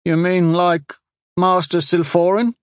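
A man voicing a frightened ten-year-old street boy who pleads in a high, tearful voice. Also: level tone, takes it slowly, no echo, clean studio sound. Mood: wary.

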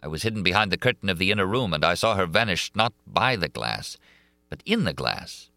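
A man's voice: low voice, big pitch swings, a little fast, creaky, sharp tone, no echo, soft background music, full character voice. A man voicing an earnest, anxious young nobleman in an audiobook reading, asking urgent, pleading questions.

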